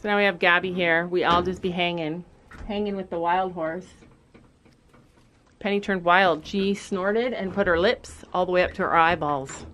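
A woman's voice: fairly low pitch, a little slow, pauses often, a bit bright. Young woman vlogger, chatty and anxious, soothing a nervous horse; light background noise. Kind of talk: casual vlog narration. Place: horse trailer outdoors.

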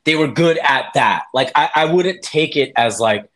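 A man's voice: a little high, animated, normal speed, a bit bright. A man in his thirties, an interview guest, talking in a rambling, profane way, full of fillers and acted-out quotes. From raised by immigrant parents. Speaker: interview guest, former reality show contestant. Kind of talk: casual interview chat.

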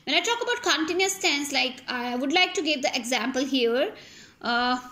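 A woman's voice: sits high, lively intonation, fairly quick, bright, forceful tone. A woman with an Indian English accent teaching an English grammar lesson, explaining step by step with examples.

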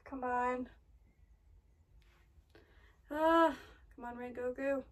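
A high-voiced woman reacts to an anime episode as she watches it, excitable and fretful, swinging between gasps, swearing and cheering. She sits a little back from the mic, so her voice sounds slightly distant. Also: very slow, noisy background. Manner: excitable, gasps and frets aloud, swears often. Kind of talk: live anime reaction commentary.

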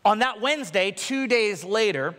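Man preaching, high voice, animated storytelling, long hall reverb. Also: moderate pace. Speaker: pastor. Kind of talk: sermon. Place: large church worship center.

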